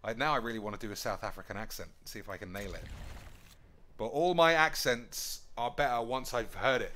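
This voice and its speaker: A man's voice: mid-range voice, brisk, bright, forceful tone. A man with a London accent, a streamer thinking aloud over a card game in casual, joking commentary and swearing freely. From United Kingdom.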